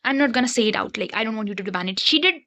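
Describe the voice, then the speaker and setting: A woman's voice: mid-range voice, expressive, racing, bright, forceful tone. A young woman, reviewing a book to camera in an exasperated, ranting way. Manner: exasperated, ranting, talks straight to viewers.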